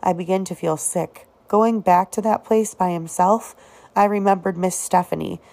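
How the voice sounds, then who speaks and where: A woman reading a novel aloud as an audiobook, in a steady, unhurried storytelling manner. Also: fairly low pitch, creaky. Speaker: audiobook reader.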